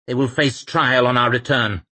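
A man's voice: medium pitch, fairly even intonation, moderate pace, pitched above the performer's own voice. A man voicing a stern, commanding male inquisitor who barks his orders. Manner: barking, forceful.

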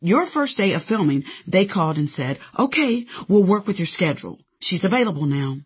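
A woman's voice: on the low side, very animated, normal speed, breathy edge, heavily acted. A woman voicing a genial male film director with a German accent, teasing and conspiratorial.

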